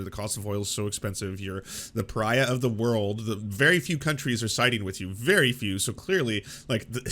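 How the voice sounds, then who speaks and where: A man's voice: medium pitch, fairly bright tone. A man hosting a reaction show, talking casually and loosely, with lots of swearing and "like" fillers. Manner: loose, profane, frequent "like" fillers. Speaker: show host reacting to a debate. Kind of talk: casual commentary.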